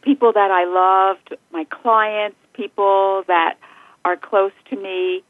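A woman's voice: medium pitch, steady tone, takes it slowly, no room sound. Effusive woman guest on a phone line. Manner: effusive and heartfelt, laughs often. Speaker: podcast guest, joy and empowerment facilitator. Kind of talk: interview conversation.

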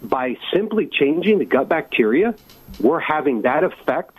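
Husky doctor guy explaining stuff, earnest, builds up to big points, dry close sound. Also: fairly high pitch, big pitch swings, moderate pace, no room sound, rough recording. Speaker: medical doctor and guest. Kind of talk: explanatory interview answers.

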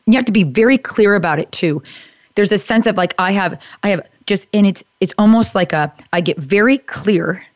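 A woman's voice: mid-range voice, moderate pace, no room sound, dull audio. A woman hosting a podcast, reflecting back and affirming what her guest says. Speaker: podcast host. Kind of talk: supportive interview conversation.

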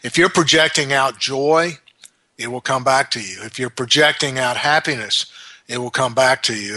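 A man hosts a self-help show and gives an earnest motivational talk. His voice is bright and forward. The sound is dry and close, and he slowly repeats each affirmation for emphasis. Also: mid-range voice, no room sound.

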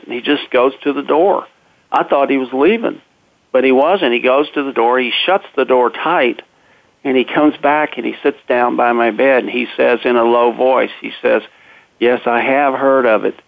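A man recounts a personal story in an earnest, plain-spoken way, stopping on fillers and starting sentences over. His middle-pitched voice has a gravelly fry. It comes through a narrow, phone-like channel with a dry sound. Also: steady tone, normal speed, no echo. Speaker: cancer survivor telling his story.

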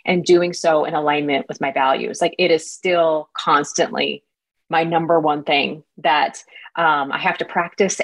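A woman talking as a leadership-coach guest in a podcast interview, candid and reflective, speaking in long runs. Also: sits low.

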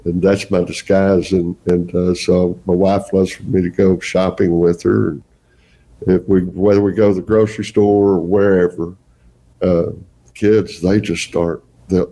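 Here the guest Santa performer, an older Texan man, has a low, level, dark voice and talks a little slowly. The rough recording captures him chuckling through folksy, rambling tales during a casual interview.

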